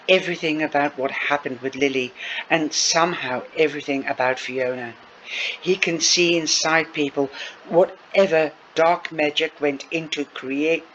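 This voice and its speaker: A man with a fairly high voice reads a novel slowly and deliberately, stopping now and then for chatty asides to his listeners. The recording is dull and lo-fi, with a faint hiss behind it. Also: bright, forceful tone. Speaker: reader. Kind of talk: audiobook reading with asides.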